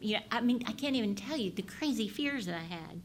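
A middle-aged woman giving an animated teaching talk on parenting. She keeps asking her listeners questions and swings from loud to hushed. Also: medium pitch, normal speed, hardly any pauses, slight background noise. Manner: animated, asks the audience questions, shifts between loud and hushed. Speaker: parenting speaker.

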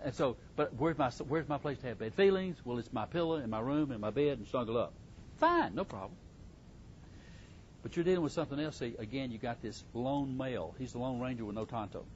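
A man's voice: medium pitch, lo-fi sound, slight background noise. A middle-aged man, giving parenting advice to a group in a folksy, casual way and repeating himself as he goes. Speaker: parenting speaker. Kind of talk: casual talk to a live group.

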